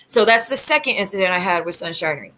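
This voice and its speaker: A woman's voice: mid-range voice, animated, quick pace, a bit bright, low-quality recording. A woman hosting her own livestream, telling an aggrieved, rambling story about online drama and answering chat. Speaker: YouTube livestream host. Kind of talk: casual ranting livestream talk.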